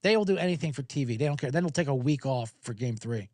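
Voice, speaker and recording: A man hosting a sports betting podcast, talking casually in an animated, profane, rambling way. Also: medium pitch, fast talker, no echo, clean studio sound.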